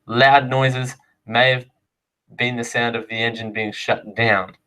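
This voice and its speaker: A man's voice: medium pitch, level tone, measured pace, pushed and bright, poor audio. A man hosting a live show, reading items out and drifting into chatty, rambling asides. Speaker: host. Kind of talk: live show casual chat.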